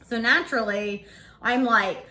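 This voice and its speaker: A woman's voice: a little high, a little slow. Blunt fortyish woman venting to camera. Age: 40s. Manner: blunt, swears freely, animated retelling. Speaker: vlogger. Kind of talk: casual storytelling to camera.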